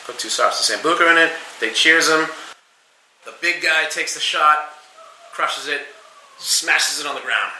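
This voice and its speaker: A man on a podcast telling a wild bartending story, animated and profane, acting out every line he quotes. His voice is very bright and forward. The room sounds echoey. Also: fairly high pitch, moderate pace, a little hiss or hum. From New England. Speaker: podcast guest. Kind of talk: casual storytelling.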